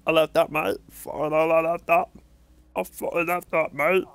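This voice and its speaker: Man, gaming commentary, swears nonstop, gravelly, dry close sound. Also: a little high, moderate pace, dry recording. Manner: swears constantly, excitable outbursts. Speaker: gameplay commentator. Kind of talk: casual gameplay commentary.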